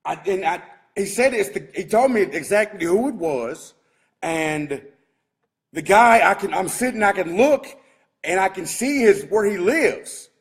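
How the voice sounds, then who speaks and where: A man's voice: high-pitched, expressive, a little slow. Agitated man ranting to viewers. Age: adult, married with kids. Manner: agitated, rambling, many restarts and "man". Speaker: vlogger talking to live viewers. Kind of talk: casual live-stream rant. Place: his shop, indoors.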